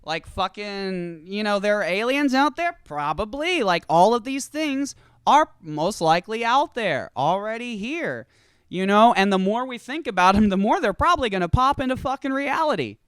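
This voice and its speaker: Smooth-voiced profane stoner ranting. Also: mid-range voice, moderate pace, no echo, clean studio sound. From California. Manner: profane, rambling, animated. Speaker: show host. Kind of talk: stoned comedic rant.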